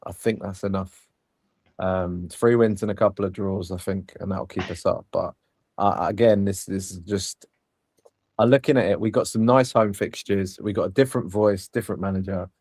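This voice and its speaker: A man chatting on a football podcast in a relaxed, hedging way. His voice sits fairly low and sounds dry and close to the mic, with no room around it. He sounds hopeful rather than forceful. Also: moderate pace, dry recording. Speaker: podcast co-host. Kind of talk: casual football podcast chat.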